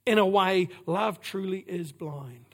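A man preaching a sermon, repeating phrases for emphasis and dropping suddenly to a quiet voice. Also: high-pitched, slow, creaky. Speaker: pastor.

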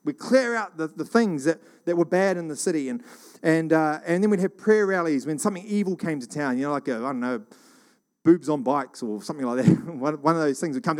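A middle-aged man from New Zealand telling rambling church stories in a casual, animated monologue. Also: a little high, brisk. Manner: rambling, animated, acts out quoted voices.

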